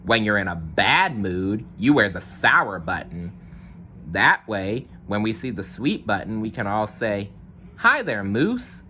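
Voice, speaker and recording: A man's voice: fairly low pitch, sing-song, a little slow, sharp tone, slight background noise, exaggerated voice. A man voicing a kind male zebra in a read-aloud storybook, announcing and reassuring in a raised, upbeat voice. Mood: encouraging. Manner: announcing, encouraging.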